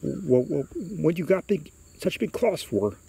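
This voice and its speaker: A man's voice: mid-range voice, lively intonation, a little fast, warm tone, slightly rough. A man voicing a frightened young boy who asks anxious questions. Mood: nervous.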